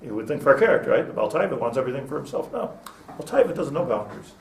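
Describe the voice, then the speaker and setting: Speaking rapid-fire at a medium pitch with big swings in intonation, an older rabbi teaches a small classroom group informally, digressing into stories and sprinkling in Hebrew terms. The recording sounds echoey, with a faraway mic and slight background noise.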